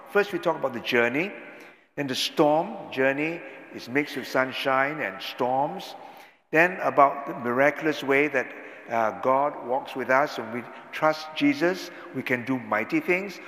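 A pastor delivering a sermon with dramatic swells and hushed drops, recorded in a large echoing hall. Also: male voice, mid-range voice. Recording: echoey hall, long reverb.

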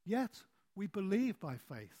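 A man delivers a sermon at an unhurried pace in a fairly high voice. He is deliberate and leans on key words, letting the ends of phrases fall quiet. When he tells a story, his voice climbs and becomes animated. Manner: deliberate, with emphatic phrase endings that fall soft. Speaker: preacher.

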